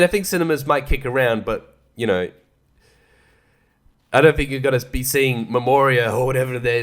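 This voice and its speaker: A man's voice: mid-range voice, fairly bright tone. A young man hosting a casual solo podcast, rambling, swearing a lot and laughing often. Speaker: podcast host.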